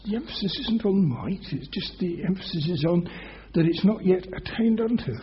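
A man's voice: high voice, expressive, moderate pace, hardly any pauses, highs cut off. A man preaching a sermon as pastor, earnest and emphatic, pressing his listeners with rising questions.

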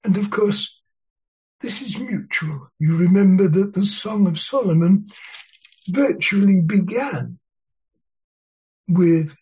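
A preacher giving an expository sermon, speaking in a slow, deliberate and earnest way and leaning on key words. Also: medium pitch, expressive, warm tone. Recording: dull lo-fi sermon recording.

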